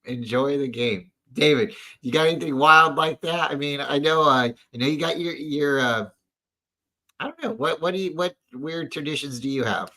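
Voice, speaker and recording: A man with a bright, forceful voice, pitched a little high, chatting loosely about game-day habits. He rambles, circles back and restarts his sentences, in the easy tone of a casual fan show recorded at home. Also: moderate pace, rough recording. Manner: rambling storyteller with many restarts. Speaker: podcast co-host.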